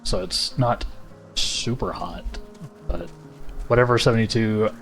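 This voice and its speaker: Brief: relaxed male streamer, lower voice, chats easily with viewers, faint music underneath. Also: unhurried. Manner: easygoing, chatty, addresses chat directly. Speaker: livestreamer. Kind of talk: casual chat with viewers while gaming.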